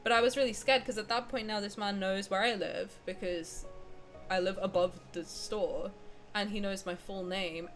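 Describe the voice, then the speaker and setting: A woman's voice: medium pitch, a bit bright. Rambling young woman telling a story. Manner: rambling, filler-heavy, restarts mid-sentence. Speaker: streamer. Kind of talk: casual storytelling.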